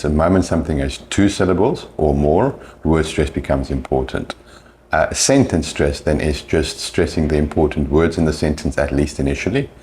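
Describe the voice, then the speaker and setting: A man, an English teacher, explaining pronunciation patiently and slowing down to demonstrate sounds. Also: extremely low pitch, a little mellow.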